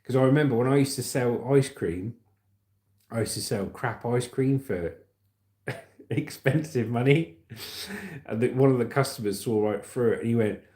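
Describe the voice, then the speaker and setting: A man's voice: mid-range voice, normal speed, a little mellow, reverberant. A man with a southern English accent hosting a casual news livestream, chatting with viewers and reading stories. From England. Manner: chatty, laughs often, addresses viewers as mate.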